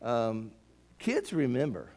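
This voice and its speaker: A man's voice: medium pitch, huge pitch swings, takes it slowly, darkish tone. A man teaching a Bible class at church, earnest and emphatic, often stumbling into repeated words as he restarts his sentences.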